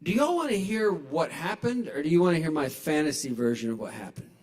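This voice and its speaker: A man's voice: fairly high pitch, animated, brisk, a little mellow. A man doing a self-mocking stand-up set into a handheld mic at a small bar, chatting with the crowd. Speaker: stand-up comedian. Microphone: handheld stage microphone.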